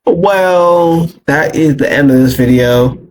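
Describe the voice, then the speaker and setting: A man's voice: fairly high pitch, slow pace, a little mellow, a little hiss or hum, low-quality recording. A tired young man from Canada chatting casually in a laid-back, rambling way while reacting to a video.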